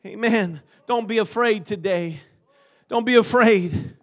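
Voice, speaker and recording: A male pastor with a strikingly high-pitched voice delivers a fervent sermon. He peppers his preaching with amens, surging to shouts and dropping to hushed, pleading tones. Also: moderate pace.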